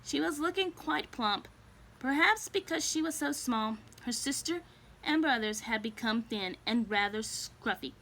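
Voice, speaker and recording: Woman slowly reading a storybook aloud. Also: on the high side, lively intonation, pushed and bright.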